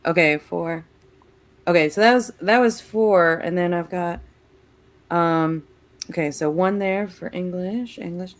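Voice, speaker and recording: A woman in casual chat who is counting votes aloud, halting and casual. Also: lowish voice. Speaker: vote counter.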